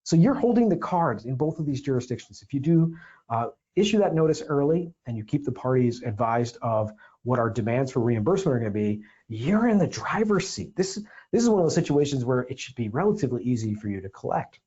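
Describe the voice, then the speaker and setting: A man's voice: medium pitch, sing-song, fairly quick, warm tone, breathy edge, muffled recording. A man hosting a legal explainer podcast, talking emphatically with sarcastic asides. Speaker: podcast host and defense attorney.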